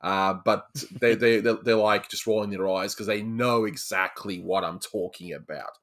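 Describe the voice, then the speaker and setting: A man in his thirties, a father, chatting casually as a podcast guest, halting and repeating words with frequent laughs. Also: lowish voice, fairly even intonation, a bit bright.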